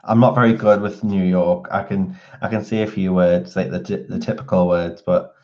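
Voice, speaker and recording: A man's voice: deep voice, fairly even intonation, normal speed, a little mellow. A man chatting casually with viewers on a live stream, rambling with lots of fillers and restarts. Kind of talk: casual chat. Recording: dull lo-fi audio.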